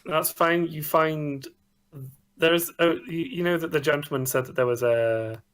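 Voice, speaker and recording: A man's voice: a little high, fairly even intonation, a little slow, a bit bright. Hesitant male game master narrating.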